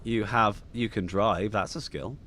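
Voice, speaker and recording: A man's voice: on the low side, unhurried, a bit bright, slight background noise. A young man from England co-hosting a casual livestream chat, stammering and repeating words as he talks. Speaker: podcast co-host.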